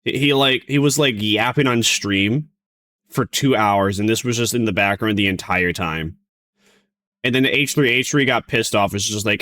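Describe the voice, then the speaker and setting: A man's voice: on the low side, normal speed, bright, forceful tone, no room sound, clean studio sound. A man streaming a reaction to a video, talking casually in a mocking, rambling way full of restarts.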